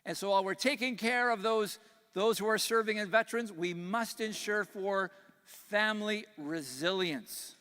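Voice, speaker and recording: A man's voice: high voice, moderate pace, smooth. An older Canadian man with a slight Texas twang, giving an earnest, folksy keynote speech at a conference. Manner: earnest, folksy, grows quiet on grave points. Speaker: conference speaker. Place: large conference hall. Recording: echoey hall.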